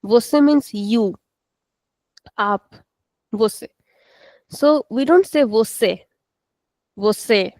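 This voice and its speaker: A patient woman teaching an online language lesson to students, repeating words slowly and explaining each sound. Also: on the high side, darkish tone, no echo, poor audio.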